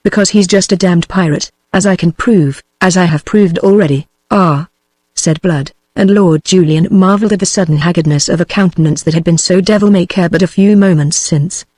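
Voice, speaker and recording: A woman's voice: fairly low pitch, normal speed, dry recording. Synthetic British woman reading a novel. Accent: British English. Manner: steady, even synthetic narration. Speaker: audiobook narrator. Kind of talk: text-to-speech audiobook reading.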